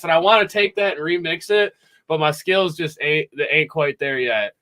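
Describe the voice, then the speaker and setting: A man's voice: on the high side, moderate pace, pushed and bright. Profane young man rambling on a podcast. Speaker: podcast host. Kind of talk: casual chat. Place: home music room.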